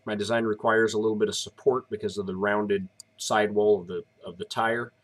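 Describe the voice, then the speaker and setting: A man's voice: lowish voice, brisk. Tired, rambling man. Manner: relaxed, rambling, explains step by step. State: tired, yawning. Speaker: live-streaming maker. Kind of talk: casual live-stream chat.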